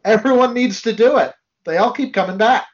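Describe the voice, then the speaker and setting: Man, podcast co-host, blunt opinionated takes, slightly high pitch, muffled lo-fi sound. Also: brisk. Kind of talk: casual chat recapping a TV episode. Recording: dull lo-fi sound.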